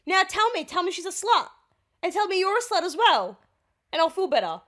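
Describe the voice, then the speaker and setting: A woman's voice: high-pitched, expressive, fairly quick, a bit bright, pitched above the performer's own voice. A woman playing a furious young betrayed girlfriend who confronts and swears. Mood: demanding.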